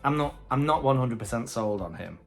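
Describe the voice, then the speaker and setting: A man's voice: mid-range voice, expressive, a little fast, gravelly, faint music behind. A man hosting a casual video review, chatting with hesitant opinions. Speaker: host.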